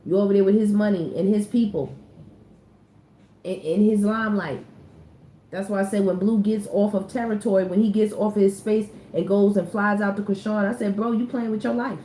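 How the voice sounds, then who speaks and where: Mellow-voiced woman doing casual tarot commentary. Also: mid-range voice, fairly even intonation, moderate pace, a little hiss or hum. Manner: chatty, slangy, repeats phrases for emphasis. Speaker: tarot reader. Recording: roomy echoey recording.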